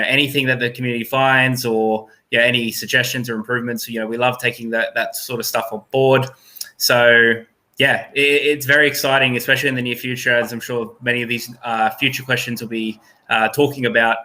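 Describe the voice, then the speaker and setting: An Australian man talking as an interview guest, upbeat and rambling with frequent fillers. His voice is bright and crisp, but he speaks with a flat, level pitch. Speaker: guest, startup team member. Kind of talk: casual interview answers.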